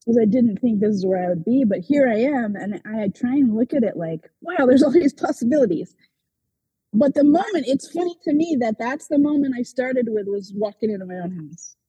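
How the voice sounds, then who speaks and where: A woman on a group call sharing personal news in a halting way, with many restarts and soft laughs. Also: a little high, animated, breathy edge, dry recording, lo-fi sound. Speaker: call participant. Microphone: video call.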